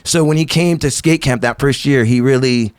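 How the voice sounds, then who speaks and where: A man's voice: medium pitch, normal speed, clean tone, dry recording. A middle-aged man, a guest on a podcast, telling stories in casual chat and acting out the voices of the people he quotes. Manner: animated storyteller, acts out quotes in shifting voices.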